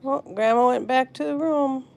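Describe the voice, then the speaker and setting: Soft-spoken grieving woman on a livestream. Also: high-pitched, fairly even intonation, moderate pace, vocal fry. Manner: soft, grieving, answering chat comments. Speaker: pet channel host. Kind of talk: live stream chat with viewers. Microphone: phone.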